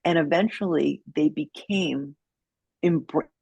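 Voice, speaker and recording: A woman with a husky, slightly breathy voice tells a story as a podcast guest. She dramatizes it, acting out each quote. The sound is dry and close. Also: low voice, takes it slowly, darkish tone, no echo, dull audio. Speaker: guest, judo sensei.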